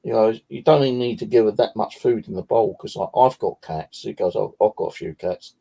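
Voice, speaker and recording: Male vlogger, deep husky voice, casual profane storyteller. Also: fairly quick, dark tone. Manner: swears freely, rambling anecdotes.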